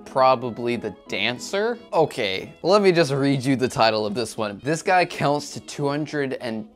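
A man's voice: mid-range voice, animated, unhurried, soft background music. A man hosting a video-reaction show, joking, laughing often and poking fun at himself. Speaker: YouTube host reacting to videos. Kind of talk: casual reaction commentary. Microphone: shotgun or lav mic.

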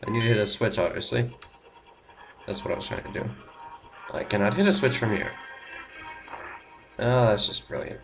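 A man's voice: lowish voice, moderate pace, gravelly, pauses often, low-quality recording. A young man narrating his gameplay, muttering and swearing to himself in frustration. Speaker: gameplay commentator. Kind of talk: let's play commentary. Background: game music.

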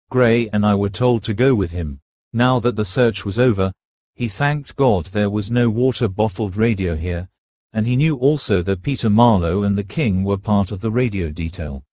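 A man narrating an audiobook in an even, measured reading. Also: fairly low pitch, no echo. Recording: dry close studio recording.

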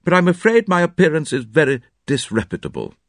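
A man's voice: a little high, big pitch swings, a little fast, no echo, studio quality, voice pushed up. A man voicing a polite, rueful doctor who apologizes for his state. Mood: apologetic.

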